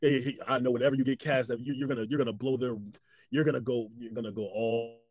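A young man telling a comic story in a casual chat, laughing often and acting out the people he quotes. His voice sits at a middle pitch. The sound is dry and close. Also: flat delivery, fast talker, darkish tone, no room sound. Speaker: guest comedian.

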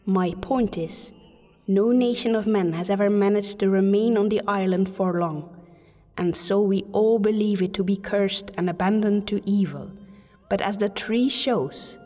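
A woman plays a gentle, patient holy woman who speaks softly, with a made-up accent that has hints of Irish. Her tone is dark and mellow. A long reverb hangs around her voice. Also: mid-range voice, a little slow, soft background music, lightly acted. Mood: earnest. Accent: invented accent with Irish touches. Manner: soft, patient. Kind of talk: audio drama acting.

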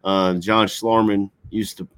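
A man's voice: fairly low pitch, flat delivery, slow, fairly bright tone, clear, resonant tone, no room sound. A man talking football in a casual, folksy and passionate way. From Kentucky. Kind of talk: casual sports chat.

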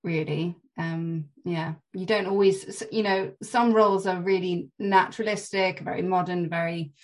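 A woman's voice: on the low side, steady tone, moderate pace. A woman actor chatting as a podcast guest, telling stories from filming with light laughter. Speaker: actress guest. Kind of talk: casual podcast interview.

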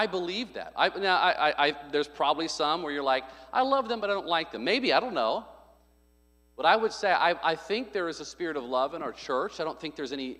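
A man's voice: fairly high pitch, fairly bright tone. A man preaching a sermon as a pastor, earnest and given to emphatic repetition. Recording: long hall reverb.

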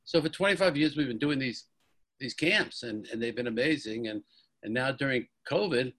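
A man being interviewed as a guest, telling his story in a lively, excitable way and often repeating words as he goes. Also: medium pitch, normal speed. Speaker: guest, company founder. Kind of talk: animated storytelling in a podcast interview.

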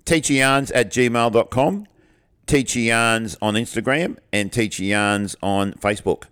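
A man's voice: mid-range voice, a little slow, a bit bright, smooth. A man in his sixties co-hosting a casual podcast chat, answering in short, laconic replies. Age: 60s. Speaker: podcast co-host.

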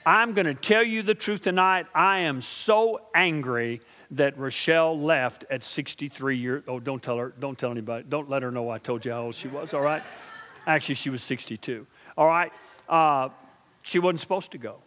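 A middle-aged male pastor preaching a sermon, asking his congregation questions and swinging from quiet, slow intensity to loud, emphatic build-ups. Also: medium pitch, big-room sound. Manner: preaching with call-and-response asides to the congregation.

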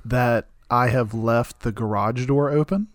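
Relaxed man telling stories on a podcast. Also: medium pitch, measured pace. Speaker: podcast co-host. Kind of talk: casual chat.

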